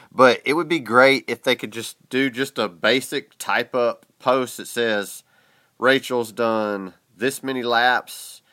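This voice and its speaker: Man, interviewer, casual chat, encouraging, bright tone, dry sound. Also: fairly low pitch, clean tone, no room sound. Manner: encouraging, many likes and you-knows. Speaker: podcast interviewer.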